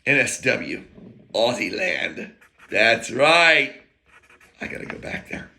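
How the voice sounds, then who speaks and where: A man's voice: mid-range voice, big pitch swings, takes it slowly, vocal fry, bright, forceful tone, slight background noise. An American man telling a rambling, profane story in a casual monologue, full of jokey asides and broken-off sentences. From United States.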